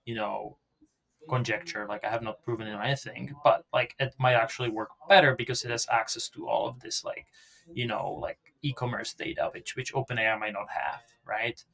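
A man's voice: mid-range voice, a little fast, vocal fry, fairly bright tone. Man explaining tech in a podcast interview. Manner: explanatory, with loose, rambling phrasing. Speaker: podcast guest, software developer. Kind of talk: casual technical interview talk.

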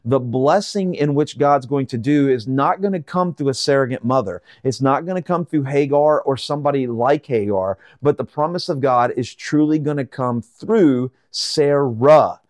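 A man teaching through a Bible chapter verse by verse, reading the verses slowly and explaining them in a casual way, with fillers and restarts. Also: medium pitch, a little mellow, dry recording, clean studio sound.

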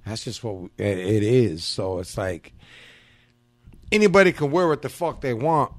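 So-cal guy hosting a podcast, swears a lot, talks in slang, pitch jumps all over, dry close mic. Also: expressive, moderate pace, dry recording. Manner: slangy, profane storytelling. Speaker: podcast host. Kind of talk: casual chat.

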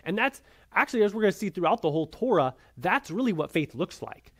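A man leads a church Bible class, his voice sitting a little higher than most. He talks conversationally and keeps checking in with "right?" as he goes. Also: big pitch swings, fast, a bit bright, breathy edge.

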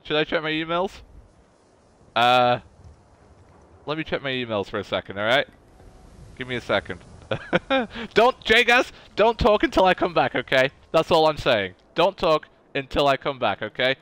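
A man chats through a live game stream in a smooth, clear voice. He talks unhurriedly but his pitch leaps around, turning gushing and emotional as he reacts to his viewers. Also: sing-song, a little slow, a bit bright. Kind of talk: casual live-stream chat.

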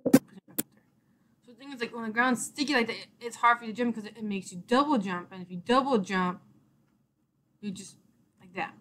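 A woman's voice: a little high, normal speed, pauses often, slight background noise. Exasperated young woman narrating her gameplay. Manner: exasperated, rambling, mock-cursing at the game. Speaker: let's play gamer. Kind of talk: casual gameplay commentary.

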